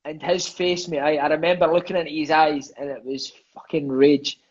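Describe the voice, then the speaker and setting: A Scottish man and former footballer telling lively, profane stories in an interview, calling everyone "mate". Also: on the high side, moderate pace, dull audio. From Scotland. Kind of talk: storytelling interview chat.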